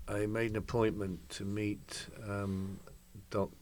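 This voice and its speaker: A man's voice: on the low side, little pitch movement, takes it slowly, darkish tone, a little hiss or hum. A man in his sixties, a guest in a conversational interview, telling anecdotes in a reflective way.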